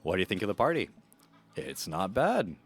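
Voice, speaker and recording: A man's voice: sits low, very animated, normal speed, husky, faint music behind, exaggerated voice. A man voicing a teasing male dad in a video game with a drawling cartoon-bear voice.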